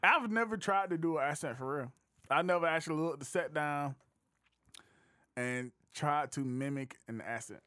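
A man's voice: a little high, normal speed, sharp tone, no echo. A man in easy conversation as a podcast host, loose and jokey, laughing often. The sound is dry and close, with no room around it. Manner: laid-back, laughs often, loose storytelling. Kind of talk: casual chat.

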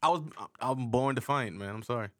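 A man from Charleston, South Carolina, co-hosting a podcast in relaxed casual chat, rambling with restarts as he tells stories. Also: mid-range voice, brisk, no echo. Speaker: podcast co-host.

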